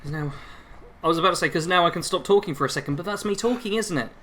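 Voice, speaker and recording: Chatty man, bright voice. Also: fairly high pitch, very fast, slight background noise. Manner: chatty, rambling, reads chat aloud. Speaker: gaming live streamer. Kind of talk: casual live stream chat. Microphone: headset.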